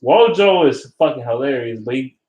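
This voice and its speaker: A man ranting casually and profanely about football, animated and blunt, as a vlogger. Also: mid-range voice, moderate pace. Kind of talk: casual sports rant. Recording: roomy echo.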